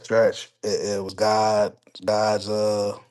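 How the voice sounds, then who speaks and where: A man livestreams a casual story while responding to chat, profane throughout, heated when describing conflicts, and making quick asides to chat. He speaks in a low, monotone, smooth and slightly mellow voice.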